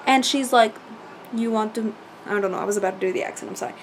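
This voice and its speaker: A woman chatting casually as she recaps a reality show, animated and full of fillers and quoted asides. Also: medium pitch, fast, slight background noise.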